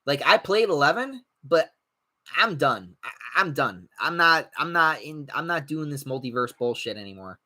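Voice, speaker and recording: A man's voice: a little high, moderate pace. A young man hosting a podcast, chatting casually and bluntly, swearing often and mocking people he disagrees with. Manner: blunt, profane, animated, mocks others in put-on voices. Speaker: podcast host reading live chat. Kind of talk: casual rambling chat.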